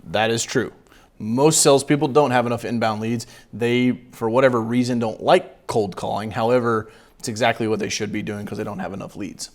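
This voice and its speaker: A middle-aged sales coach in casual reaction commentary. He talks bluntly and mockingly, swears freely and laughs often. His voice sits at an everyday middle pitch. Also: fairly even intonation, fairly quick.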